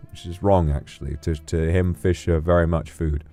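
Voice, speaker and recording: A man chatting casually on a livestream, playful and rambling, his voice leaping up when he gets excited. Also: low voice, normal speed, few pauses, soft background music. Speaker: streamer.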